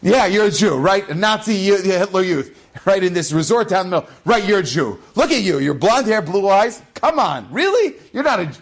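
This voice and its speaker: Man voicing a Russian soldier, mocking, shouting, high-pitched, lively. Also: quick pace. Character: angry male Russian soldiers interrogating.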